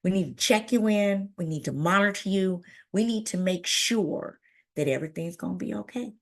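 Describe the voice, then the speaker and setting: A woman voicing a calm male doctor who quietly gives urgent news in a measured, matter-of-fact way, with a gravelly edge. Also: medium pitch, natural voice.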